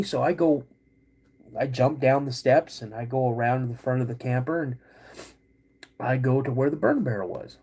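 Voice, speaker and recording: A middle-aged man hosting a podcast, telling a personal story in an animated way, acting out quoted voices and calling his listeners "guys". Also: medium pitch, a little fast, slightly rough. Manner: acts out quoted voices of his dad and himself. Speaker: podcast host.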